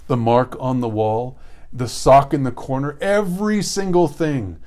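A man delivers a sermon in an earnest, storytelling manner, his voice sitting at an ordinary middle pitch. He leans on rhetorical questions and dramatic pauses to draw listeners in. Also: warm tone. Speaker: preacher.

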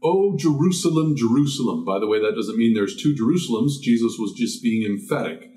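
A man's voice: lowish voice, fairly quick, dark tone. Emphatic male Bible teacher. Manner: emphatic, asks and answers his own questions.

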